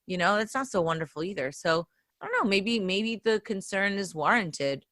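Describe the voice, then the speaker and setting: A woman's voice: mid-range voice, animated, normal speed, a bit bright, no room sound, studio quality. A woman co-hosting a podcast, chatting casually with a wry, self-mocking sense of humor. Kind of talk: casual video-call chat.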